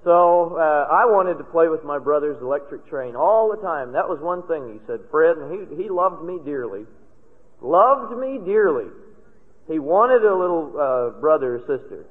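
An older man delivers a sermon in a folksy, storytelling way, leaning hard on key words when he makes a point. His voice sits fairly high. The recording is thin and tinny, with a long reverb from a large hall. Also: animated, moderate pace, hardly any pauses. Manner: folksy storytelling, rising to emphatic stresses. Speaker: preacher. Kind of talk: sermon with personal stories.

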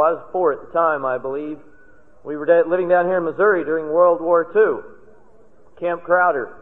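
An older man delivers a sermon in a folksy, storytelling way, leaning hard on key words when he makes a point. His voice sits fairly high. The recording is thin and tinny, with a long reverb from a large hall. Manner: folksy storytelling, rising to emphatic stresses. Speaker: preacher. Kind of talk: sermon with personal stories.

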